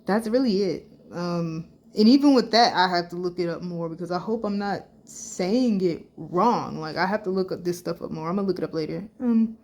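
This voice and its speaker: A woman casually vlogs, reading social media comments aloud and reacting bluntly with lots of slang and swearing. Her voice is on the low side with a darkish tone, and she talks at a moderate pace with few pauses.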